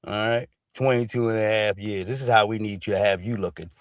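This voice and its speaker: A man's voice: lowish voice, steady tone, fairly quick, dry recording, clean studio sound. Blunt emphatic male commentator. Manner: emphatic, profane, repeats "all right" constantly. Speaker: stream commentator. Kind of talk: casual livestream commentary.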